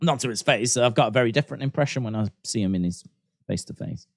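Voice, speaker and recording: A man's voice: mid-range voice, very fast, dry recording, clean studio sound. A man reacting live to a wrestling show, repeating lines and laughing at his own jokes.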